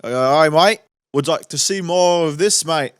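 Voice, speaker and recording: A man's voice: a little high, unhurried, a bit bright, clean tone, no echo, clean studio sound. A man mimicking a chirpy Australian bloke in a jokey mock Australian accent. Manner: jokey, upbeat.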